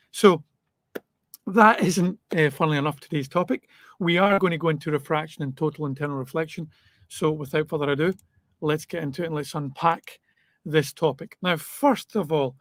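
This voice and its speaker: A man's voice: on the high side, no room sound, clean studio sound. A man teaching a live online physics lesson in a chatty way, with jokes and asides to his students.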